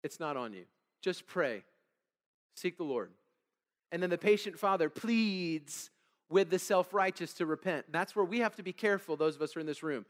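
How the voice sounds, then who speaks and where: A male pastor's slightly high voice, lively in intonation and at normal speed, carries through a church sanctuary with long hall reverb. Preaching conversationally, he reads scripture aloud, prompts the congregation to fill in words, and checks in with "okay?" and "all right?".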